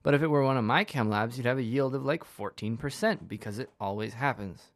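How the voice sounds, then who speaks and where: A man's voice: medium pitch, a little fast, no room sound. A man in his twenties hosting a radio show, chatting in a casual, rambling, self-deprecating way with lots of fillers. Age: 20s. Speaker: radio host.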